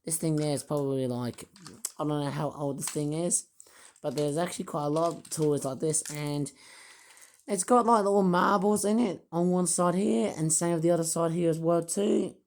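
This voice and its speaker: A man with a sore, hoarse throat, rambling through a casual toy review vlog from a quiet room at home. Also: on the high side, normal speed. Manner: rambling, repeats fillers and restarts.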